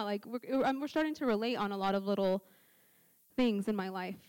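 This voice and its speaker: A woman's voice: mid-range voice, steady tone, fast, a little mellow, clean tone, no echo. A young woman sharing a personal testimony at church, telling it as a story with acted-out dialogue. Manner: storytelling, acts out quoted dialogue. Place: church service. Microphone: handheld mic.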